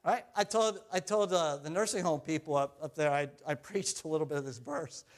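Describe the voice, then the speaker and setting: Speaking a little high and at a brisk clip, this middle-aged man preaches as a pastor. His sermon feels like a conversation: he questions the congregation and shifts from loud passages to quiet ones.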